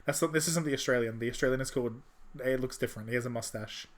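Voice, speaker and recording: Man, streamer, casual game chat, joking, rambling, self-mocking, mid pitch. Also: racing.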